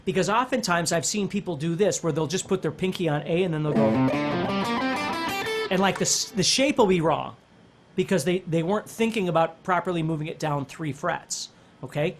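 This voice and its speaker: Man, guitar instructor, casual lesson, explanatory, guitar music clear behind. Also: a little high, moderate pace. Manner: explanatory, checks in with "okay?" and "right?". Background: guitar playing.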